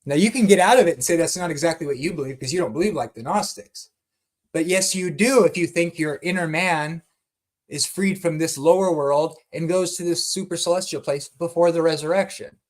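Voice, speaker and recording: A man teaching about the Bible in a fervent, excited way, often repeating words as he goes. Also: on the high side, fairly quick. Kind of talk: passionate teaching talk.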